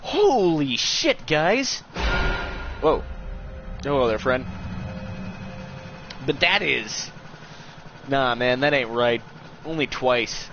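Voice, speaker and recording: A man's voice: big pitch swings, extremely slow, pauses often, fairly bright tone. Sarcastic, foul-mouthed young male streamer. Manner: joking, profane, sarcastic. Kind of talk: casual let's-play commentary. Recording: muffled low-quality stream audio with faint hiss.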